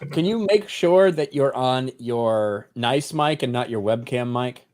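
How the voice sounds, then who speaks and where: A man's voice: mid-range voice, unhurried, darkish tone. Male host, casual live stream, swearing, introduces guests, joking. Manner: loose, profane, joking introductions. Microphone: headset.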